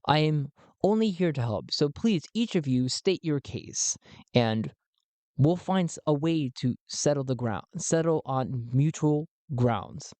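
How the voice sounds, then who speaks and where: A courteous envoy who speaks formally and soothingly to calm two rivals, as a man plays him in a solo tabletop game. He speaks slowly, and his voice sounds close and dry. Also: fairly high pitch, no room sound. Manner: courteous and placating, formal speech. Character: polite diplomatic male mediator envoy.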